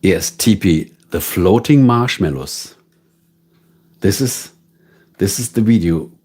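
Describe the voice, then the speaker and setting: A man's voice: sits low, lively intonation, slow pace, a little mellow, breathy edge. A man with a German accent, a native German speaker, chatting casually with viewers as a livestream host and answering their questions.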